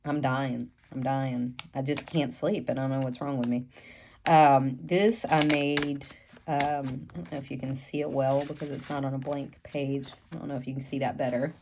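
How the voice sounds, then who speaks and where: Lady with a cold, low mellow voice, lots of ums, faint hiss. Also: fairly even intonation, normal speed. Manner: rambling, lots of ums and self-corrections. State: stuffy from a cold. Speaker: planner vlogger. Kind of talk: casual chatty show-and-tell. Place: home room with ring light and window.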